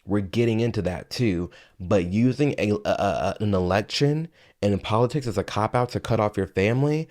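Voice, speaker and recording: A man's voice: fairly low pitch, moderate pace, few pauses, a little mellow. A man giving heated opinion commentary on his own channel, arguing and firing off rhetorical questions. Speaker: commentary vlogger. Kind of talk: opinion commentary reacting to clips.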